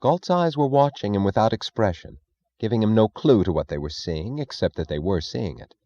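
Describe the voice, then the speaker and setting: A man narrating an audiobook in a steady, deliberate reading. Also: fairly low pitch, dry recording, highs cut off.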